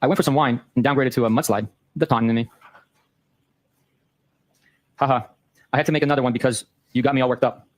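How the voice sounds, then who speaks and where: A man hosting a show, reading a long exchange of text messages aloud in a brisk, matter-of-fact way. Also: medium pitch, fairly even intonation, no room sound. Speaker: host.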